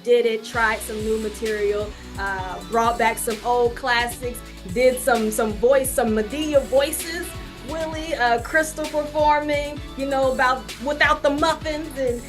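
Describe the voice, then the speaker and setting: A woman acting coach on a video call, her voice a little higher than usual, talking in a chatty, upbeat way. Music plays clearly behind her. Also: steady tone, measured pace, few pauses. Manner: chatty, upbeat, repeats words, laughs easily. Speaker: acting coach hosting a class. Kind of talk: casual encouraging wrap-up talk. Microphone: video call microphone.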